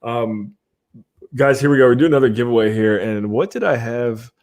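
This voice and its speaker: A man's voice: medium pitch, normal speed, darkish tone. A man from Ohio hosting a livestream podcast, chatting casually, rambling a little and laughing often as he runs giveaways. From Ohio, USA. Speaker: podcast host.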